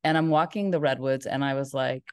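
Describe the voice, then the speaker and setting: A woman's voice: a bass voice, steady tone, a little fast, clear, resonant tone. A middle-aged woman from Northern California, a filmmaker guest in an interview, telling her story in a rambling way with many restarts.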